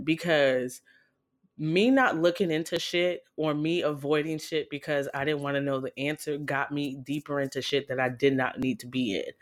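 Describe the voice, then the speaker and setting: A woman casually telling a personal story in a frank, profane and animated way, jumping in pitch as she retells moments.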